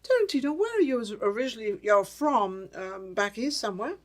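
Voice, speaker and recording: A woman's voice: on the high side, big pitch swings, a little fast. A woman hosting a talk show interview, chatting casually and rambling, often repeating herself.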